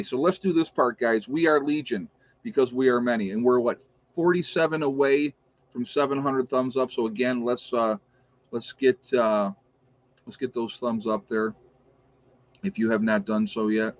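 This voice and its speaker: A man hosting a casual livestream, chatting and reading out viewer shout-outs with opinionated asides. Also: medium pitch, no room sound. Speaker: livestream host. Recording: dull lo-fi stream audio.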